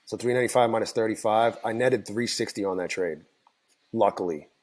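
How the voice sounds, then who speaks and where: A tired man whose voice is going hoarse walks his viewers through his trades in a loose, rambling way. He talks at a fairly low pitch, restarting sentences and filling pauses with ums and likes. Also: a little mellow. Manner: rambling, self-correcting, many fillers. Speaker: trading channel host. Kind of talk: casual screen-share recap.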